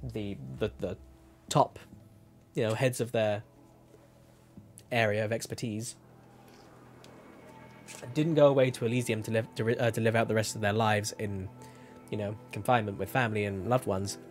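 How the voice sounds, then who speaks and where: A man's voice: on the low side, steady tone, normal speed, long pauses, faint music behind. A young man chatting casually while streaming a game, rambling and correcting himself as he goes. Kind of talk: casual gameplay commentary.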